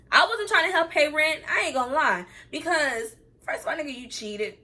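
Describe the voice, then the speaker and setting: A woman's voice: high-pitched, animated, moderate pace, hardly any pauses, pushed and bright, a little hiss or hum. A young woman telling a personal story time on her vlog, candid and chatty, talking straight to her viewers and close to tears at times. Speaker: vlogger.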